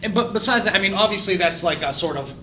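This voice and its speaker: A man's voice: high-pitched, fast. Young man rambling in an echoey room. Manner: rambling, crude jokes, frequent restarts. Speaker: podcast co-host. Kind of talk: casual chat. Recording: echoey room with background noise.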